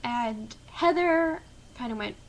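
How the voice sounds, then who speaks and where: A woman's voice: a little high, expressive, slow, rough recording. A woman teacher telling a story to camera in a blunt, sarcastic, chatty way. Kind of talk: casual storytelling vlog.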